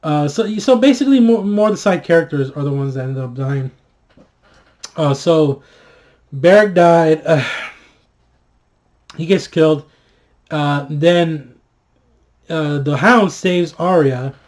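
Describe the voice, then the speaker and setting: A man giving a casual spoken review of a TV episode, excitable and swearing freely, with many fillers and restarts. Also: on the high side, slow, long pauses.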